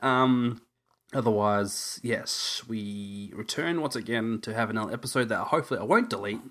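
A man's voice: fairly low pitch, moderate pace, a bit bright. Chatty podcast co-host, man. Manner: chatty, laughs easily, jokey storyteller. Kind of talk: casual chat.

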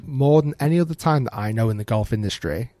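Mellow-voiced man hosting a podcast. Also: medium pitch, no room sound. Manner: relaxed and explanatory, with quick restarts. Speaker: podcast host. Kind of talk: casual podcast chat.

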